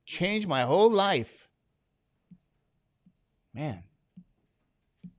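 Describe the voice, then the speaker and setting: A male teacher lecturing in a classroom, whose voice swings high and low as he jokes with his students. He asks the class one question after another, and he sounds a little drowsy from medication. His voice sits somewhat high for a man. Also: animated, normal speed, long pauses.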